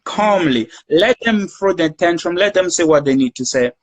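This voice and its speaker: A man speaking as a guest in a live discussion, giving calm, earnest advice and now and then acting out conversations between a child and a parent. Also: a little high, moderate pace, poor audio. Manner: acts out parent-child conversations in quoted speech.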